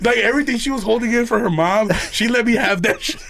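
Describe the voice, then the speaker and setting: A man's voice: very high voice, fast, vocal fry, over a noisy crowd. A man guesting on a casual podcast, telling his story in a profane way with frequent laughter. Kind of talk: casual chat.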